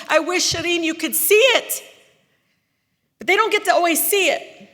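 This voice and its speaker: A woman, giving an impassioned political speech from a podium, rising to loud, emphatic peaks. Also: extremely high pitch, normal speed, long pauses. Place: large hall. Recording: long reverb of a large hall.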